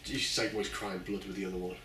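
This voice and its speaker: A man with a bright, forceful tone walks through video game scenes in casual chat, quoting the characters. The room is roomy and he sits away from the microphone. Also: low-pitched, level tone, fast. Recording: roomy, distant from the mic.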